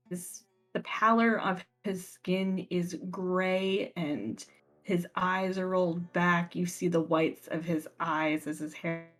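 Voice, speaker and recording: Slow-paced woman game master. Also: on the low side. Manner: slow, deliberate descriptive narration. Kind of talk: narrating a horror tabletop game.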